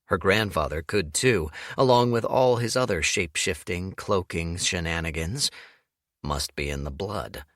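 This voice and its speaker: A man narrating an audiobook in an expressive, storytelling manner. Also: low-pitched, a little slow, no room sound, studio quality.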